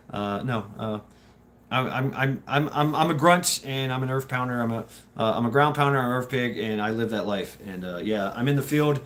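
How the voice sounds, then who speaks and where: A man hosts a casual live stream and chats loosely with his viewers. He swears freely, laughs often and trips over his own sentences as he rambles on, his voice sitting at an ordinary middle pitch. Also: moderate pace, fairly bright tone, slight background noise. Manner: profane, laughing, rambling with many restarts. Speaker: streamer host.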